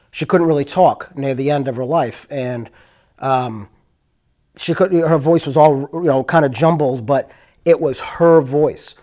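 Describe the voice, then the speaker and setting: A man with a slightly high voice talks through his stories casually. He rambles and circles back, but he stays earnest throughout. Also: dark tone. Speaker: host. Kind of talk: casual storytelling.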